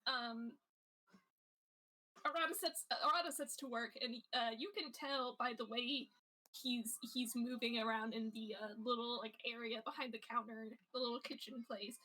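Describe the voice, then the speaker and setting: High bright-voiced woman, slow, giggly, narrating her character in a tabletop game. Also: steady tone, low-quality recording. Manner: giggly, lots of fillers and restarts. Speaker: player. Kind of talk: casual tabletop role-play narration.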